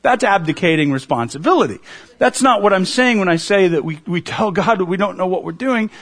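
A middle-aged man preaching a sermon, earnest and emotional, his voice climbing toward a near shout at the high points. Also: animated, a little fast. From United States. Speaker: pastor.

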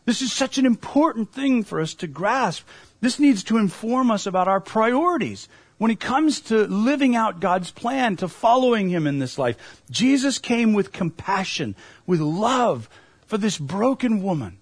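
A man's voice: high voice, very animated, unhurried, breathy edge, no echo. A man preaching a sermon as a pastor, earnest and emphatic, asking his listeners questions.

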